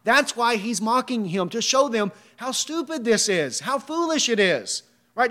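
High-voiced man preaching a sermon. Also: sing-song, unhurried, a bit bright. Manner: rhetorical questions, emphatic.

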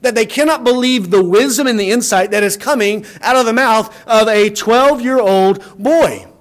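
A man's voice: sits high, normal speed. A man preaching a sermon in an earnest, explaining manner, often repeating words as he builds a point.

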